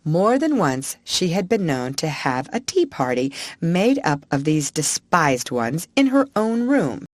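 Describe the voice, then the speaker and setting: A woman narrating a classic children's storybook in an expressive, animated reading. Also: deep voice, a little slow, hardly any pauses, no echo. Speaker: audiobook narrator.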